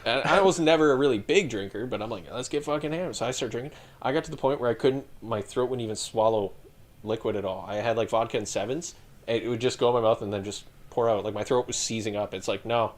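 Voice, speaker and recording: A man in his thirties tells army stories as a podcast guest. He talks casually and swears often. His delivery is animated, and he breaks into laughter along the way. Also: medium pitch, fast. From Canada. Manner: profane, laughing, animated storyteller. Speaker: podcast guest, retired infantry soldier. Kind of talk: casual storytelling chat.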